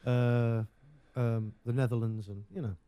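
A man's voice: mid-range voice, fairly even intonation, unhurried, smooth, no echo, lo-fi sound. An English man hosting a radio show, chatting casually with rambling, jokey banter.

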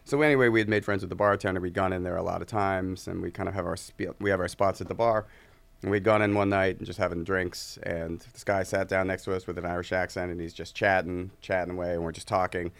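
A man telling a story in casual chat, animated and acting out quotes in a raised voice. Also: sits low, fast talker, vocal fry, clear, resonant tone. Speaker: guest musician.

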